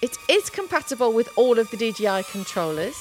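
A woman's voice: a little high, big pitch swings, a little fast, faint music behind. A woman hosting a tech show, chatting casually and running through product specs in an upbeat way. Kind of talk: casual chat with spec rundown.

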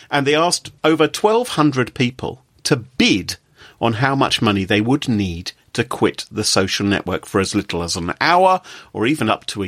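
Animated joking male podcast host. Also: medium pitch, no room sound, clean studio sound. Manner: playful, jokey, animated storytelling. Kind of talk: casual chat.

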